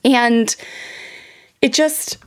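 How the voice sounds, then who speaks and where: A woman in her thirties telling a personal parenting story to her listeners in a candid, animated way, full of fillers and restarts. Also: a little high, extremely slow, clean tone. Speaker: podcast host.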